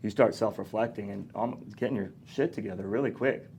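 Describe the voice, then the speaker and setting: A man hosting a casual podcast conversation, speaking earnestly and backing up his guest with steady agreement. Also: fairly low pitch, fairly quick, vocal fry, slight background noise. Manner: earnest, frequent affirming interjections. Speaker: podcast host.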